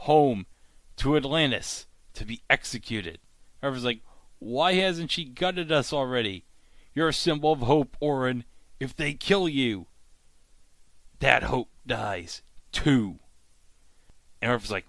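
Slow, bright-voiced man recapping a show. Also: mid-range voice, no room sound. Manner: animated retelling, acting out lines in quick bursts. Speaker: podcast host. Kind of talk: casual episode recap.

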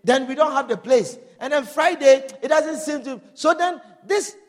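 A man's voice: very high voice, expressive, moderate pace, big-room sound. A man preaching a sermon as a pastor, emphatic and punctuating his points with calls of amen and hallelujah. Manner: emphatic preaching with call-and-response amens.

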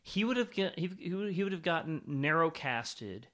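A man co-hosting a casual film discussion, thoughtful and quick to laugh. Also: on the high side. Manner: lively, thoughtful, laughs easily. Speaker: podcast co-host.

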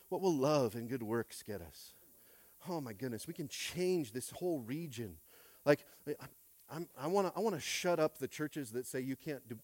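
A male pastor delivering a sermon, casual and conversational, who moves between loud calls and quiet asides and keeps asking the congregation for a response. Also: on the high side, no room sound. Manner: animated preaching, swinging from shouts to quiet asides; casual, conversational phrasing with frequent restarts.

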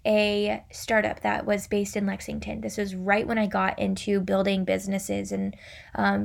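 A young adult woman hosting a faith and business podcast, chatty and animated, acting out quotes as she tells stories. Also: mid-range voice, gravelly. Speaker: podcast host.

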